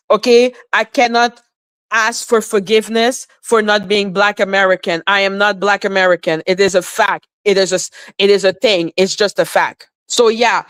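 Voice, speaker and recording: Woman streamer, indignant, swears freely; clean smooth voice, dry close sound. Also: mid-range voice, fairly bright tone, dry recording. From Canada. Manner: indignant, profane, exasperated. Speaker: livestreamer. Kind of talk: upset livestream monologue.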